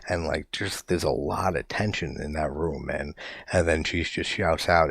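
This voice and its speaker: Deep-voiced man rambling about a film. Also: steady tone, measured pace, vocal fry, a bit bright, husky, no echo. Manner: loose, rambling, heavy use of "like", casual swearing. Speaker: podcast host. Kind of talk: casual film review monologue.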